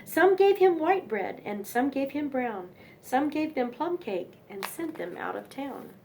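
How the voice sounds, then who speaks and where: A woman's voice: high voice, very animated, measured pace, a little mellow, slight background noise. A young woman reading nursery rhymes aloud in a sing-song manner, with chatty asides between poems.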